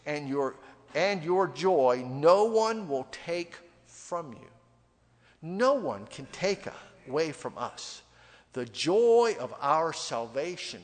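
A male pastor delivering a sermon in an animated, conversational way, swinging from loud emphasis to near-quiet asides. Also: on the high side. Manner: animated, conversational preaching with sudden dramatic drops in volume. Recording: long reverb of a large hall.

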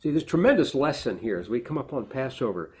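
Man, pastor, sermon, husky voice, reads verses with emphasis, plain asides. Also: mid-range voice, sing-song, fast talker, a little mellow. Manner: reads scripture aloud with rising emphasis, then explains plainly.

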